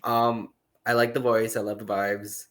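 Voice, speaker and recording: A man co-hosting a podcast, talking in a relaxed, casual way with some hesitations. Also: on the low side, unhurried. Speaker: podcast co-host.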